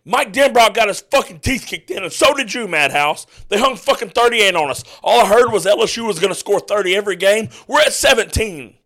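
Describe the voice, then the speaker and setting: A man ranting angrily as a sports fan podcaster, swearing constantly and breaking into yelled outbursts. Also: high voice, animated, a little fast, hardly any pauses. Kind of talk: angry profane rant while watching a game.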